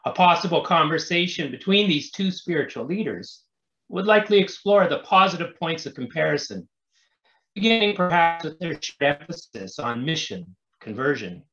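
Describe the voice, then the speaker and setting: A man's voice: on the high side, animated, fairly bright tone, dull audio, faint music behind. Man reading a scholarly paper in a roomy space. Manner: measured, scholarly delivery with occasional restarts. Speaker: pastor presenting an academic paper. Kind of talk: formal reading of a prepared paper.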